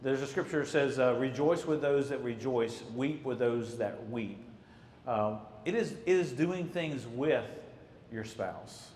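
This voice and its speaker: A man's voice: medium pitch, measured pace, darkish tone, slight background noise. Man teaching couples in an echoey hall. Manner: conversational, tells anecdotes, acts out quotes. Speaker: marriage counselor. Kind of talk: church talk on marriage. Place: church hall. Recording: echoey hall, faint ambience.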